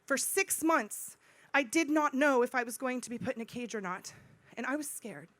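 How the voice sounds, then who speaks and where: A middle-aged woman speaking at a conference, telling a personal story in an animated way, acting out dialogue and repeating phrases for emphasis. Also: sits high, moderate pace, no echo. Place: conference stage.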